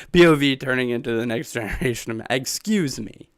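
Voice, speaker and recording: A man's voice: medium pitch, fairly even intonation, fairly quick, few pauses, clean tone, no echo, clean studio sound. A man streaming live, rambling through a game theory and chatting with his viewers, often laughing. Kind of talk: casual live-stream chat.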